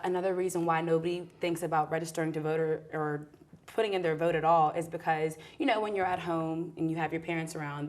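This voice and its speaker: A woman's voice: sits low, a little mellow. A young college woman hosting a casual student panel, asking long, open questions. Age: young adult. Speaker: host.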